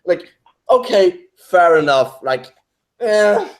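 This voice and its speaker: A man's voice: high-pitched, sing-song, slow. A man co-hosts a loose online chat with friends. He wanders through his thoughts and leans on "like" again and again. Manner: rambling, says "like" a lot. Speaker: co-host. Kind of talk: casual group chat.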